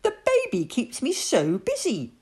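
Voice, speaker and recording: A woman's voice: high-pitched, huge pitch swings, measured pace, darkish tone, voice pushed up, exaggerated voice. A woman voicing a frantic young mother in a storybook, speaking in a raised, fretful voice.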